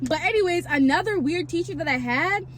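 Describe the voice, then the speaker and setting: A twenty-year-old woman telling a casual story time, rambling with lots of filler, swearing and sudden pitch jumps. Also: lively intonation, brisk, slight background noise. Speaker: vlogger.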